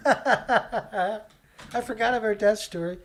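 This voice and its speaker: On his solo news commentary show, a high-voiced man from Canada reads out stories, adding sarcastic and indignant comments and laughing often. He uses a studio mic.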